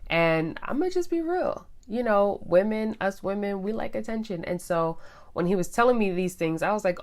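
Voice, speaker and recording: A young woman vlogger telling a personal story in a chatty, animated way, talking straight to her viewers. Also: medium pitch, normal speed. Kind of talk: casual storytelling.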